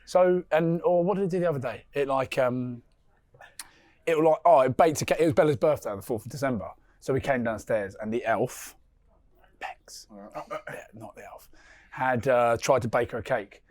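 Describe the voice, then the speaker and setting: A man chatting on a podcast, animated and laughing as he acts out stories about his family. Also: mid-range voice, moderate pace, no room sound. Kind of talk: casual chat, storytelling.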